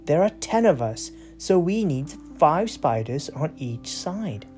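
A woman doing a brisk mother spider. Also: sits low, sing-song, warm tone, soft background music, heavily acted.

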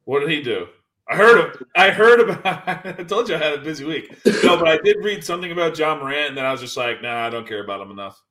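A man's voice: on the high side, animated, fast talker, pushed and bright, slight background noise. A man co-hosting a podcast, chatting about sports with dry, blunt wisecracks. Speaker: podcast co-host. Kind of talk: casual sports chat.

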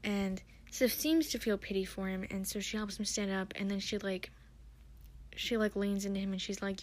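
A woman's voice: medium pitch, steady tone, normal speed. A woman hosting her own podcast, recapping a TV episode in a chatty, rambling way with many fillers and restarts. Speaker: podcast host.

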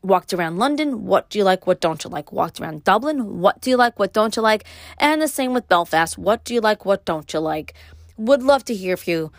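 Woman, Brooklyn accent, middle-aged, solo podcast, rambling, pauses a lot, dry close sound. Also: mid-range voice, lively intonation, dry recording. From New York. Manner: rambling, pauses and restarts often. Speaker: podcast host. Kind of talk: casual solo podcast monologue.

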